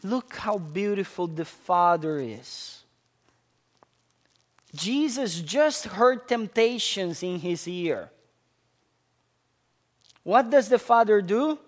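A man preaching a sermon as pastor, slow and emphatic, asking the congregation questions and dropping to a soft hush on key phrases. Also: sits high, animated.

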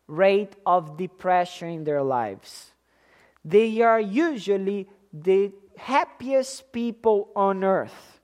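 A preacher delivers a sermon at an unhurried pace, in a voice pitched in the middle. Key phrases are repeated for emphasis. Loud, stressed words alternate with sudden quiet asides.

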